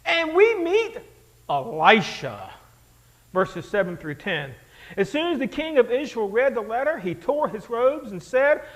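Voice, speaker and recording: Male pastor, very high voice, conversational animated sermon delivery. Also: measured pace, low-quality recording. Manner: animated, conversational, rhetorical questions to the congregation.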